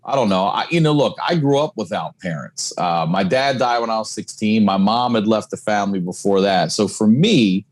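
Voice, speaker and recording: A man's voice: fairly low pitch, normal speed, few pauses. A man guesting on a podcast, talking candidly in casual chat and swearing freely. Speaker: comedian and single dad.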